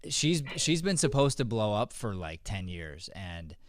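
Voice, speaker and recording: A man's voice: on the low side, very animated, a little slow, no room sound, clean studio sound. A man hosting a podcast, chatting casually and encouragingly with a guest, often repeating his words. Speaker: podcast host. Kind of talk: casual interview chat. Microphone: phone call interview.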